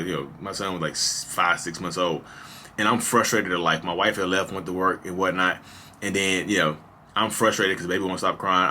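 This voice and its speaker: A man in his thirties talks through his own story in a loose, confessional way, leaning on "you know" as he goes. His voice sits a bit low but has a bright, forceful edge. Faint noise hums behind him. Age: 30s. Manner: casual and confessional, many "you know" fillers. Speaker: podcast host. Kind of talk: candid personal storytelling.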